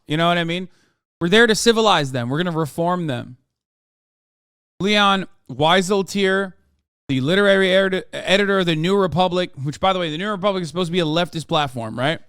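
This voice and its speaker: A man's voice: fairly high pitch, fairly bright tone, clear, resonant tone, no room sound, studio quality. A man livestreaming, giving heated, profane, sarcastic commentary while reacting to a news piece.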